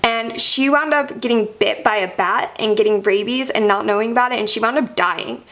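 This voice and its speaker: A young adult woman vlogger telling a storytime monologue in an animated way, full of "like" fillers. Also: fairly high pitch, normal speed. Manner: animated, heavy use of "like" fillers.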